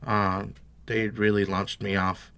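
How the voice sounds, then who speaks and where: Low-voiced man telling his story. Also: little pitch movement, takes it slowly, pushed and bright, clear, resonant tone. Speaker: guest, bag maker. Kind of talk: casual interview chat.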